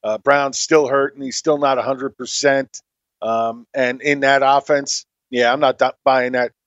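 A man's voice: mid-range voice, level tone, a little slow, a bit bright, no echo. A man co-hosting a fantasy football panel, giving blunt, emphatic opinions. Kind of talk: casual sports chat. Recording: dull lo-fi line.

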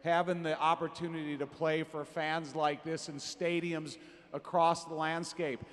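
A male host asks an earnest, wordy question from a convention stage. His voice sits slightly high, and a long hall reverb trails each phrase. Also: little pitch movement, a little slow, a bit bright. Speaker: panel host. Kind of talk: onstage interview question.

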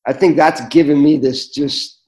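A man tells reflective stories as an interview guest. His voice is warm and mellow. He speaks earnestly, with plenty of fillers and restarts. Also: fairly high pitch, fairly even intonation, moderate pace, slight background noise, rough recording. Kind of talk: reflective storytelling in conversation.

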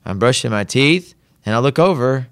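Gravelly storytelling man, dry sound. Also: mid-range voice, dry recording. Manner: animated, drawn-out storyteller who slips into quoted voices. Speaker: guest. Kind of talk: casual storytelling.

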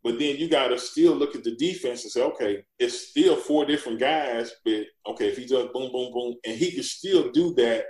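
A man's voice: medium pitch, normal speed, few pauses, roomy sound, low-quality recording. A man, a former pro football lineman, telling stories in a casual chat and acting out the quotes. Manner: animated storyteller, acts out quotes. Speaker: former NFL lineman guest.

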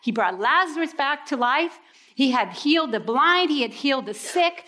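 Woman, high voice, sermon, animated delivery, acts out reactions. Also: moderate pace. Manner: animated, acts out quoted reactions with sudden pitch leaps. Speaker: preacher.

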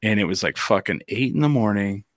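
A man co-hosting a podcast in casual chat, telling stories in an animated way and reacting quickly to the others. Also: lowish voice, no room sound, studio quality. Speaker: podcast co-host.

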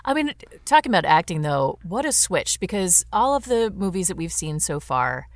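A woman's voice: fairly low pitch, very animated, normal speed, no room sound. A woman co-hosting a podcast, chatting casually about an old film and often restarting sentences mid-thought. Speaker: podcast co-host.

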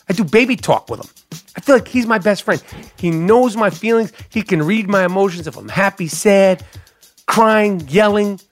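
A man hosting a solo comedic podcast, ranting in a profane, animated, mock-outraged way. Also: high voice, moderate pace, soft background music. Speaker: podcast host.

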